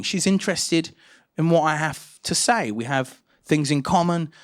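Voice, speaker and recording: A man, performing a stand-up comedy set on stage with animated storytelling and loud shouted punchlines. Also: fairly high pitch, moderate pace, clear, resonant tone. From England. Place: comedy stage with a live audience.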